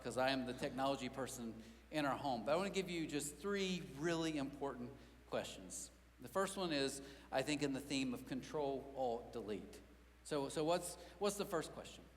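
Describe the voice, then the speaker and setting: A man's voice: medium pitch, in a large hall. A middle-aged man preaching a sermon as pastor, telling stories with self-mocking humor and acting out quotes. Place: large church auditorium.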